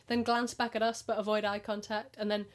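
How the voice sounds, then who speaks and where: Young british woman vlogging customer stories, talks fast, sarcastic and lively. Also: medium pitch. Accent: British English. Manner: sarcastic, animated, puts on voices for customers. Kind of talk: storytelling vlog.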